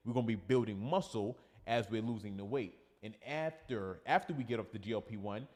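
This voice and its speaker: A man's voice: fairly low pitch, darkish tone, long reverb tail. A man with a New York accent, a fitness coach chatting casually on a livestream and reading viewer comments aloud.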